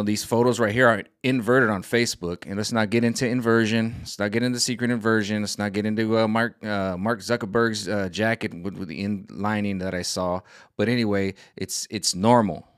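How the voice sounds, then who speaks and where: A man ranting casually to camera as a vlogger, animated and exasperated. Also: lowish voice, clear, resonant tone, dry recording, studio quality. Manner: animated, exasperated, jumps into quoted voices. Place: home room set up for streaming.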